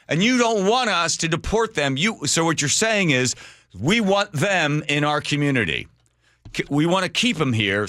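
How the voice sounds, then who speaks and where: A man's voice: on the high side, a bit bright, no room sound, clean studio sound. A middle-aged man hosting a radio talk show, delivering a sarcastic, mocking monologue and acting out quotes in a raised voice. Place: radio studio. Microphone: studio microphone.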